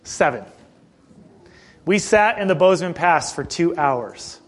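A middle-aged man preaching a sermon in a conversational way, asking the congregation questions and often clearing his throat. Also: a little high, animated, measured pace. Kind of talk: sermon with personal story.

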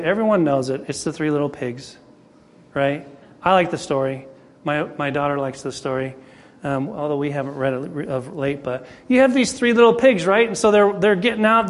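A male preacher speaks to his congregation in a folksy, storytelling way. His voice sits high for a man and echoes with a long reverb through a church hall. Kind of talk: sermon.

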